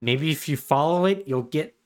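A man's voice: fairly high pitch, moderate pace, darkish tone, close to an everyday voice. A man voicing an unbothered adult man from a video game who rambles along casually. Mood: rambling. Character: rambling, unbothered adult male camp dweller.

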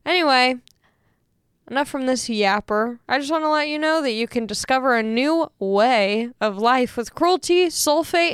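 A young woman talking casually, rambling and joking at her own expense. Her voice is very smooth and clear, pitched a little high. It sits close and dry on the mic. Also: normal speed, a bit bright, no room sound. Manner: chatty, self-mocking, rambling. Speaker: podcast host reading an ad. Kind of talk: casual chat with sponsor read.

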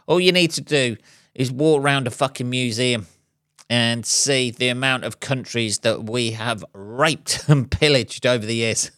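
A man's voice: mid-range voice, measured pace, fairly bright tone, no echo, studio quality. Wry, swearing man podcasting solo. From England. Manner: profane, wry, chuckling asides. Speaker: podcast host and comedian. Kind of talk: rambling solo podcast monologue.

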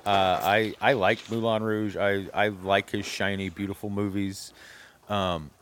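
A man's voice: lowish voice, a little slow, a little hiss or hum. A man hosting a radio talk show, chatting casually and laughing through his jokes. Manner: animated, laughing, jokey. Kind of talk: casual chat.

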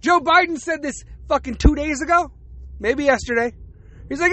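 A man's voice: extremely high pitch, normal speed, pushed and bright. A man hosting a podcast, ranting in a casual, profane monologue and laughing between rants. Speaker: podcast host.

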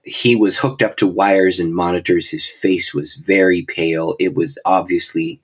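A man's voice: low-pitched, steady tone, moderate pace, breathy edge. An older male pastor telling a personal story, acting out the dialogue and laughing at his own lines. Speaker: pastor and guest speaker.

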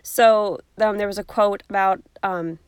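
A woman's voice: medium pitch, steady tone, a little slow, smooth, no room sound, clean studio sound. A woman hosting an unedited podcast, rambling in a bubbly, chatty way with goofy asides. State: hiccups. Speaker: podcast host.

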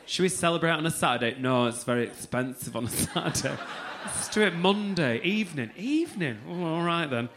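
Cheeky high-voiced man doing crowd work. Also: lively intonation, fairly quick, background noise. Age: 30s. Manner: loud, cheeky, swearing banter. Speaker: stand-up comedian. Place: comedy club stage before a crowd.

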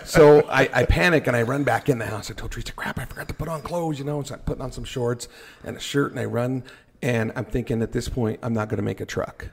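A man telling a firefighting story in a casual podcast chat, animated and joking at his own expense. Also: medium pitch, fast talker, vocal fry, a little hiss or hum. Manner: animated, acts out his own panicked thoughts, jokes at himself.

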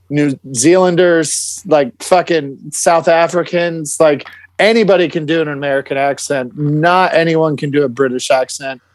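A man's voice: fairly high pitch, no room sound. A man co-hosting a podcast, arguing a mock debate in a casual, profane way.

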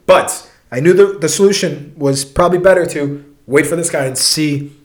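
A man's voice: a little high, normal speed, echoey room. A young man telling a long personal story in a casual, rambling way, swearing often and restarting his sentences.

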